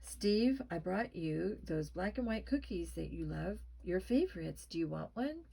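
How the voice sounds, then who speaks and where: A woman's voice: fairly low pitch, animated, a little slow, creaky, warm tone, slightly rough, exaggerated voice. Woman voicing a concerned, insistent mother. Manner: coaxing, then demanding.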